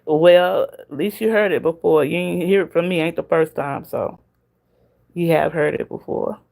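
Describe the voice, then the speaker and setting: A woman's voice: lowish voice, moderate pace, gravelly, darkish tone. A woman with a Southern US accent hosting a casual livestream, talking straight to viewers in the chat and laughing often. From Southern United States. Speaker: livestream host.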